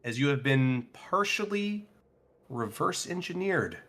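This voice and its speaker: A man narrating a tabletop role-playing game as game master in a relaxed, playful way. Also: on the high side, measured pace.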